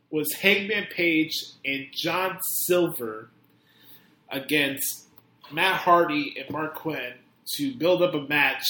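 An exasperated podcast host ranting with profanity. His slightly high voice drops to low grumbles, then jumps to sharp outbursts. The sound is echoey, as if recorded in a bare room. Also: a little hiss or hum. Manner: exasperated, profane, swings between mutters and outbursts. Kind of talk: angry podcast rant.

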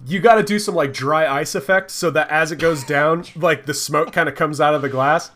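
A man's voice: a little high, a bit bright. A young man co-hosting a podcast in casual chat, joking and laughing often. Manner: joking, laughs often, quick bursts of mock voices. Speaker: podcast co-host.

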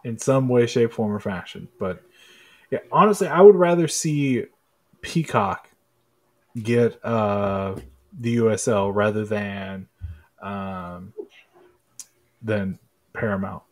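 A man from Kentucky co-hosting a podcast, talking sports in a relaxed, joking way and laughing easily. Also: fairly low pitch, slow, long pauses. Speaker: podcast co-host. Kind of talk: casual sports chat.

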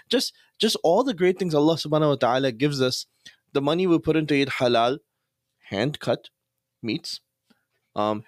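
A man talks quickly and with frustration in a casual podcast rant, his voice at a middling pitch. He works Islamic phrases into his speech. The recording is dry and close, with no room echo. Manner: fast-talking, frustrated, venting. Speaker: podcast host.

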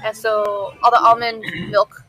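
A woman's voice: medium pitch, flat delivery, unhurried, sharp tone, a little hiss or hum, low-quality recording. A woman co-hosting a casual podcast chat, explaining things step by step and sometimes searching for words. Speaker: podcast co-host.

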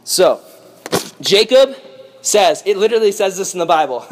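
High-voiced, animated male preacher. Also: moderate pace, slight background noise. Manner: animated, playful, jokey. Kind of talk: lively Bible storytelling.

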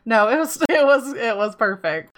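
A woman co-hosting a casual chat, reacting enthusiastically with quick exclamations. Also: on the high side, animated, a loud crowd.

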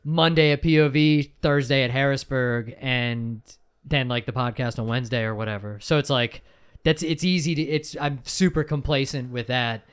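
A man's voice: mid-range voice, normal speed, smooth. A man hosting a podcast in casual chat, joking and laughing easily. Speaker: podcast host.

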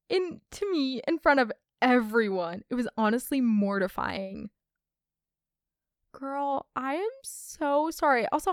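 A young woman reads listener stories aloud on her casual storytime podcast, chatty and expressive. Her slightly high voice swoops up and down a great deal, and the recording is dry and close.

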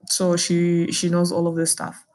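A young Zimbabwean woman with a slightly low voice tells her own story in an intense, indignant way. She slips between English and Shona as she talks. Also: completely flat delivery, a little slow, darkish tone. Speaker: podcaster recounting a personal ordeal. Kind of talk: emotional personal storytelling.

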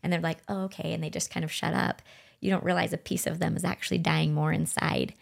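A middle-aged woman talks on a podcast in a low, gravelly voice. She is gentle and earnest, thinking aloud about personal experiences and sometimes acting out what she once thought. Her pace stays unhurried. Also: little pitch movement. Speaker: podcast co-host. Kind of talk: heartfelt conversational podcast talk.

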